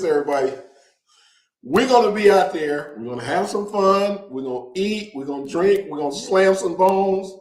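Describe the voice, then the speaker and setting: A man hosting a casual show, talking to viewers in an animated, joking way and drawing out words for emphasis. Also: high voice, moderate pace, echoey room, low-quality recording. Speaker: host. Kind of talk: casual direct-to-camera promo talk.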